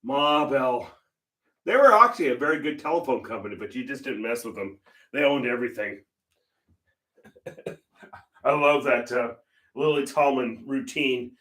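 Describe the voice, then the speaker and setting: A man's voice: mid-range voice, expressive, normal speed, long pauses, fairly bright tone, recorded from a distance. An older man hosting a painting livestream, telling stories in casual chat and laughing often. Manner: chatty storyteller, laughs often. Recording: roomy echo.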